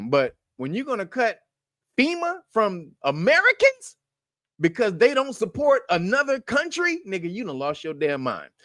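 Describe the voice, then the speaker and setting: A man riffs through casual commentary in a blunt, profane way, laughing often and circling back through restarts. His voice sits high and swings widely in pitch as he goes. The sound is dry and close. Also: huge pitch swings, a little slow, bright, forceful tone, no echo. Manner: rambling with frequent restarts. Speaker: commentary show host.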